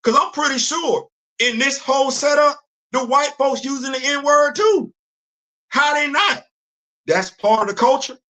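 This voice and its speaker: Older man host, high bright voice, stammery restarts. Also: a little slow. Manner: animated, repeats words when he starts a sentence. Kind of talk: livestream commentary.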